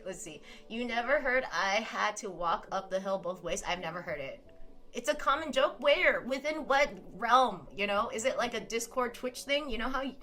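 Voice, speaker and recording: A young woman chats on a live stream and reads viewer comments aloud. Her tone is bright and lively, and she laughs easily and swears without thinking. Faint music plays in the background. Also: medium pitch. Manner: chatty, laughs often, swears casually. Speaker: streamer reading chat. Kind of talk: casual live-stream chat.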